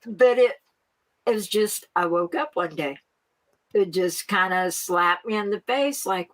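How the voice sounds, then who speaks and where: A woman's voice: lowish voice, lively intonation, fairly bright tone, rough recording. A middle-aged woman farmer from the United States, chatting as an interview guest and laughing often as she talks. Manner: slow, laughs often while talking. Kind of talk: casual interview talk.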